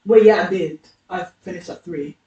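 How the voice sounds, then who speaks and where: A woman's voice: on the low side, moderate pace, warm tone, lo-fi sound. Teasing young woman, roomy distant sound. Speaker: podcast co-host. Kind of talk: casual chat.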